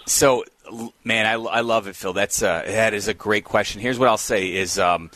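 A man's voice: fairly low pitch, fairly even intonation, moderate pace, pushed and bright, no echo. A man hosting a fantasy football call-in radio show, talking in an upbeat, chatty way with loose fillers.

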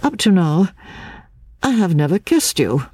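A woman reading the lines of a stiff, self-conscious young gentleman in a novel, in a low, careful voice. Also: sing-song, unhurried, slightly rough, dry recording, heavily acted. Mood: earnest.

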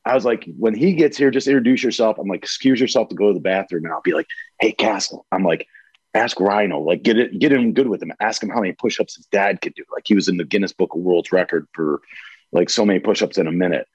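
A man's voice: on the low side, fast, husky, dry recording, lo-fi sound. A man on a podcast telling a story in casual chat, laughing along. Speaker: podcast co-host.

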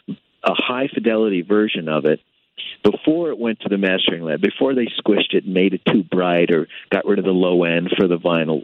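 Male guest on a phone line: a lowish voice, dry and tinny, thoughtful with plenty of ums. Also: no echo. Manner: thoughtful, with many fillers. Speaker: guitarist guest. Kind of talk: interview over phone line.

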